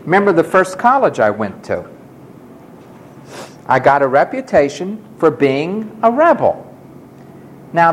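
Animated, emphatic male preacher. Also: sits high, slight background noise. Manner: emphatic, dramatic, acts out quoted speakers. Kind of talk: sermon with personal story.

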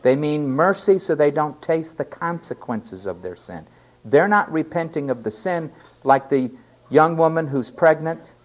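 A man preaching a sermon, stressing key words loudly and then dropping to quiet asides. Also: a little high, animated, unhurried. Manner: emphatic, swinging between loud stresses and quiet asides.

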